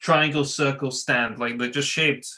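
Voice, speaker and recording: A man co-hosting a gaming podcast with a bright, forward voice. He talks in a playful, scattered way and often trips over his words and starts again. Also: mid-range voice, fairly even intonation, a little slow. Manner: playful, stumbling and restarting mid-sentence. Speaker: podcast co-host. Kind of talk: casual chat.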